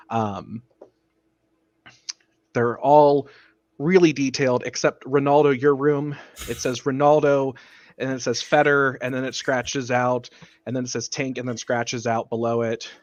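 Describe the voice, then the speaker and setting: A man narrating and running a tabletop murder mystery game as game master, explaining rules in a relaxed way. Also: medium pitch, dry recording, muffled recording. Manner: relaxed, explanatory, laughs often.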